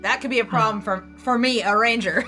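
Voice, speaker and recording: A woman playing a ranger in a tabletop game, giggly and excitable. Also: a little high, a little fast, over music. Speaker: player. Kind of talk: casual tabletop play.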